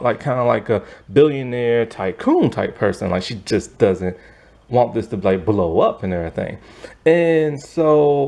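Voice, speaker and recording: Recapping a TV series, a man rambles casually, corrects himself often and acts out the characters' lines with "he's all like." His voice is mid-range with a darkish tone.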